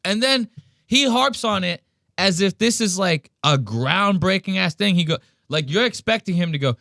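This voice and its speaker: A man hosting a podcast, mocking a clip with profane, animated reaction commentary. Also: sits high, normal speed, creaky, no room sound, clean studio sound. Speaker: podcast host.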